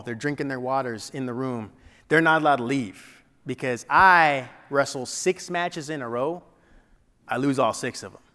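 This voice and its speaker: A man giving a keynote speech, telling a personal story dramatically and dropping to a hush at painful moments. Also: mid-range voice. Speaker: keynote speaker. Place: large event hall before an audience. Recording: long hall reverb.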